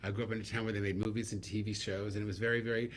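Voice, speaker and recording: A middle-aged man from New York, a guest comedian telling stories in a casual interview, animated and theatrical. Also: on the low side, very fast, a little hiss or hum.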